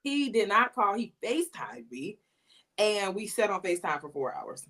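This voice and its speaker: Animated woman telling her story. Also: mid-range voice, moderate pace. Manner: animated, acts out quoted lines. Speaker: interview guest. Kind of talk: casual storytelling.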